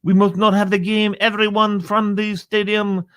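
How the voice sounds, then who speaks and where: A man voicing an excitable Frenchman who pleads to save a baby, in a put-on French accent. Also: high voice, normal speed, clear, resonant tone, no room sound, studio quality, pitched above the performer's own voice. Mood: pleading.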